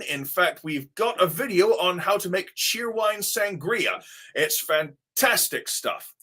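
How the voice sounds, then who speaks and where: Reading out viewer comments on his livestream, this Ohio man rambles with fillers and occasional swearing in an accent blending English RP, Devon and Midwestern American. His voice sits high and sounds animated, bright and forceful, though he speaks slowly.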